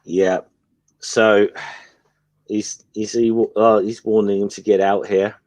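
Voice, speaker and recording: A man with a very low voice chats casually while reading comic lines aloud. He stumbles and restarts often and keeps a relaxed, conversational delivery. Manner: halting, reads quoted lines with many restarts. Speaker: co-host.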